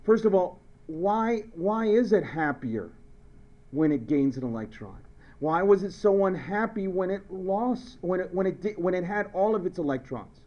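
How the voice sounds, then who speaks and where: Playful and full of stories, a high school chemistry teacher runs a classroom lecture with jokes and keeps repeating his questions. His voice sits high with lively intonation at a normal speed. The audio is dull.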